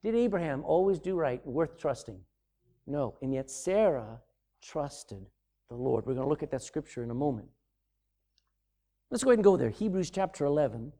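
A middle-aged man preaching a sermon as pastor, swinging from loud emphasis to sudden hushed drops. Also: on the high side, sing-song, moderate pace.

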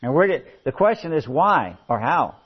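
A man from the United States preaching a sermon, folksy and animated, telling jokes between scripture. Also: a little high, moderate pace, breathy edge. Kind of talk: sermon with humorous anecdotes. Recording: muffled lo-fi sound.

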